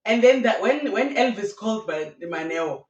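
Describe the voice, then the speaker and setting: A woman telling gossip stories as a YouTube commentator, lively and full of local slang. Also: medium pitch, moderate pace, far from the mic, dull audio, a little hiss or hum. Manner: animated storytelling with laughs and local slang. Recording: roomy sound from away from the mic.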